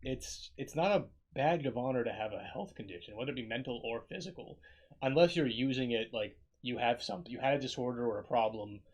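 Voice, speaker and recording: A podcast co-host tells rambling, profane stories in casual chat, animated as he goes. His mid-range voice moves a little fast, and the audio is poor.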